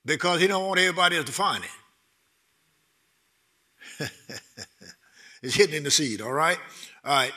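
A middle-aged man preaching a sermon, excitable, repeating words and building to loud bursts with laughter. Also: on the high side, moderate pace, pauses often.

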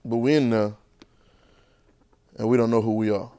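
A man with a medium-pitched, clean-toned voice preaches at a moderate pace to a class at a church training center. He stays animated and repetitive, peppering the room with rhetorical questions.

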